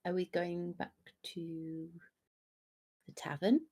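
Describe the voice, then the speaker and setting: A woman's voice: on the low side, little pitch movement, takes it slowly, dark tone, husky. A woman playing a tabletop role-playing game, describing her character's actions and teasing the others. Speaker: player. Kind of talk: tabletop role-play chat.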